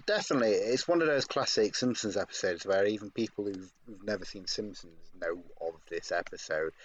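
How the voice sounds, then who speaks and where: Low-voiced man, dull lo-fi mic. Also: a little fast. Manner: hesitant, many ums and restarts. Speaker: podcast co-host. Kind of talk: casual podcast chat. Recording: dull lo-fi mic with faint noise.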